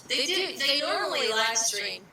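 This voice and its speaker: A woman's voice: high voice, animated, moderate pace, sharp tone, a little hiss or hum. A woman playing an online game, chatty and teasing. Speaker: game player. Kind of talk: casual chat while playing an online game.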